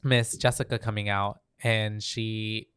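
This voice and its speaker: A man's voice: lowish voice, level tone, unhurried, fairly bright tone, clean tone, no echo, studio quality. A man co-hosting a podcast, recapping a horror film in rambling, filler-heavy casual chat. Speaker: podcast co-host.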